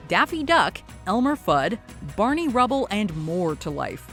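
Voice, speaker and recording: A woman's voice: mid-range voice, big pitch swings, a little slow, fairly bright tone, faint music behind. A woman reading a scripted countdown narration in an upbeat voice-over. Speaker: list video narrator.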